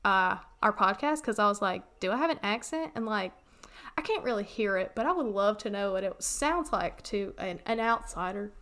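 A woman from Western North Carolina with a Southern accent, co-hosting a podcast and telling a story in casual chat, animated and laughing often. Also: medium pitch, normal speed. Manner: animated, laughs often, reads old text aloud with asides. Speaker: podcast co-host.

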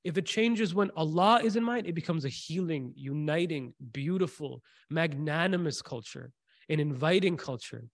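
A man giving a Quranic commentary class, preaching in an animated, conversational way and reciting Arabic verses. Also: fairly high pitch, moderate pace, no echo, studio quality. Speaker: religious teacher.

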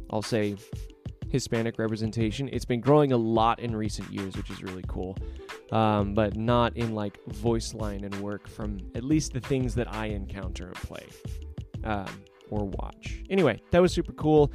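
A man's voice: fairly low pitch, fairly even intonation, normal speed, gravelly, darkish tone, faint music behind. A man hosting a storytelling podcast, narrating expressively and chatting casually at the end.

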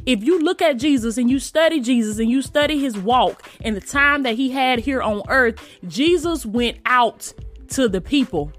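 Casting: woman preacher, higher voice, fervent and colloquial, faint music behind. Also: fairly bright tone. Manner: emphatic, repetitive, addresses listeners as "you guys"; colloquial, drops into "ain't" and "okay?". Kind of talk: informal online sermon.

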